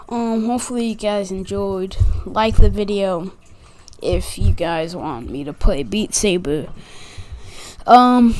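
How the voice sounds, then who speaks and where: A woman's voice: medium pitch, a little mellow. A young girl telling a school story to camera, rambling and acting out what others said, with many "like"s. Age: child. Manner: rambling, fills with "like", acts out quotes. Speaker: gaming channel creator.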